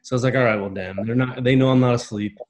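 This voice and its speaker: A man's voice: mid-range voice, steady tone, fast talker, darkish tone, low-quality recording. A man in his thirties telling an emotional personal story in a casual conversation, earnest and heartfelt. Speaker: podcast guest.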